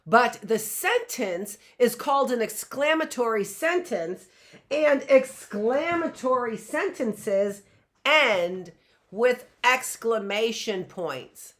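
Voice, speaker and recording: A woman's voice: on the high side, lively intonation, slow. A middle-aged woman teaching a grammar lesson in a chatty way, often checking in with "right?" and laughing at herself.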